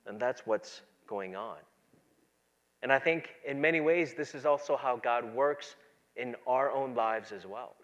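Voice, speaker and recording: A pastor preaching a sermon, moving between quiet, low asides and loud, emphatic passages. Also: male voice, a little slow, dull audio.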